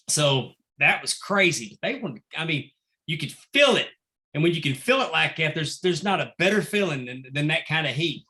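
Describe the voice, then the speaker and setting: A man, a longtime wrestling referee, telling lively anecdotes in a casual interview and acting out the quotes. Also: on the high side, fairly quick. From Texas. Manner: animated anecdotal storyteller, acts out quotes.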